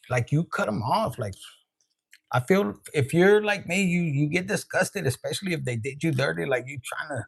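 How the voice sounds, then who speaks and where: A man's voice: a little high, gravelly, husky. A man giving a casual tarot reading in a loose, profane way, laughing and dropping Spanish slang. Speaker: tarot reader.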